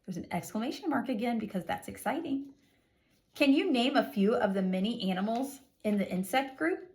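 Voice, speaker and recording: A woman teacher reading a lesson aloud to young children, with an expressive, sing-song delivery and exaggerated emphasis. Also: fairly high pitch, brisk.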